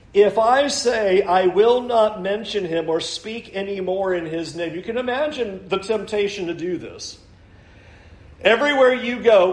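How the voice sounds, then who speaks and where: A man preaching a sermon, earnest, reading scripture slowly and stressing key lines. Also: high-pitched, reverberant, poor audio. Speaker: pastor.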